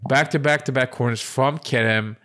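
A man's voice: mid-range voice, normal speed, bright, forceful tone. A man co-hosting a casual football podcast, animatedly retelling match moments in a chatty play-by-play way. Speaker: podcast co-host. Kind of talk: casual sports podcast chat.

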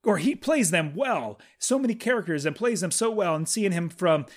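A man's voice: sits high, expressive, normal speed. A man chatting casually and enthusiastically about a movie as a podcast co-host, rambling with frequent restarts.

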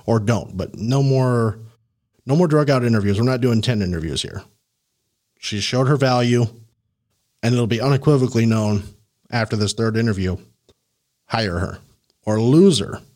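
A man hosting a podcast, coaching a guest in a casual, animated way, laughing and acting out the people he quotes. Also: mid-range voice. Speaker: podcast host and career coach.

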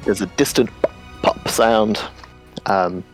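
A man's voice: lowish voice, slow pace, faint music behind. A man narrating as game master on a video call, playful and fond of silly sound effects.

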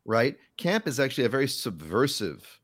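A man's voice: medium pitch, sing-song, moderate pace, a bit bright, no room sound, studio quality. A man in his forties chatting casually on a podcast, articulate and sardonic as he riffs. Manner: articulate, riffing with sardonic asides. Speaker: podcast guest. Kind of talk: casual chat.

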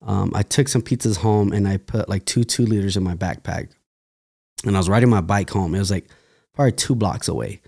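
A man's voice: fairly low pitch, a little fast, gravelly, a little mellow, slightly rough. Rambling young man telling stories. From California. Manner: loose, rambling, laughs often, restarts. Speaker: podcast guest, dancer. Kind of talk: casual storytelling interview.

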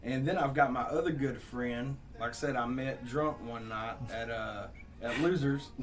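A man's voice: medium pitch, normal speed, far from the mic. A young man from Southeast Georgia with a Southern accent, a country songwriter rambling through stories in casual podcast chat, laughing and cursing as he goes.

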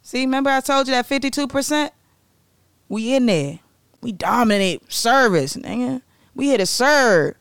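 A young woman from Maryland hosting a casual educational vlog, excitable and joking, often digressing and swearing as she talks. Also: fairly high pitch, normal speed, clean tone, no room sound, clean studio sound. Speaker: vlogger presenting facts on Black-owned businesses.

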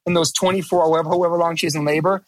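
A man's voice: fairly high pitch, little pitch movement, racing. A middle-aged man talking as a podcast guest in casual chat, emphatic, profane and rambling, restarting his sentences.

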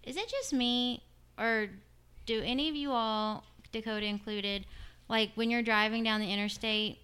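Middle-aged woman hosting a chatty podcast. Her voice is bright and smooth, and she wanders off topic. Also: fairly high pitch, normal speed. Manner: rambling, drifts off topic. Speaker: podcast host. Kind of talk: casual podcast chat.

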